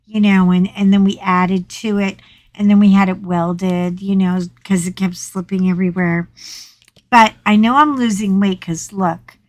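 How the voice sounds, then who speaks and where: A woman's voice: lowish voice, a little mellow, no echo. A middle-aged woman hosting a casual chat, telling a story dramatically with yelps and swearing. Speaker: coloring channel host.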